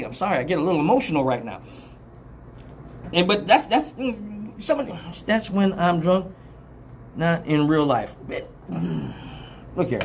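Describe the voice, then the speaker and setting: A woman's voice: on the low side, big pitch swings, measured pace, long pauses, darkish tone, slight background noise. A woman hosting a live radio talk show, blunt and profane, rambling, laughing often and slipping into mock voices as she talks.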